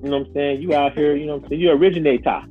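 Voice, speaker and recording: A man co-hosting a podcast in casual chat, animated and joking, laughing often. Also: a little high, very fast, narrow, tinny audio, faint music behind. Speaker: podcast co-host.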